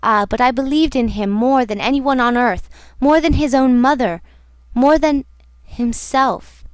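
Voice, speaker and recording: Woman narrator giving a devoted, grieving young woman, murmured and halting, in a dry, close sound. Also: sits high, smooth, no room sound. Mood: heartbroken. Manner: soft, murmuring, slow and halting. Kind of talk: audiobook character reading.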